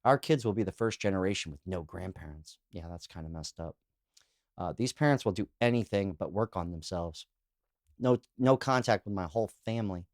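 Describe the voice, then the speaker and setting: A man hosting a podcast alone, talking in a rambling, candid way with plenty of "you know" and "like" fillers. His voice sits on the lower side. The sound is close and dry, with no room echo. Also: expressive, brisk. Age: adult, calls himself too old. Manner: laughs while telling anecdotes. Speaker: podcast host. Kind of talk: casual solo monologue, reacting to read-out comments.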